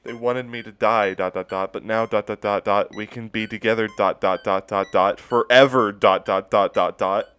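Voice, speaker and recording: A man voicing a tearful young male gamer who sobs and yells desperately. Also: lowish voice, steady tone, normal speed, few pauses, clear, resonant tone, lightly acted. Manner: sobbing, desperate, yelling. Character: tearful young male game-playing kid.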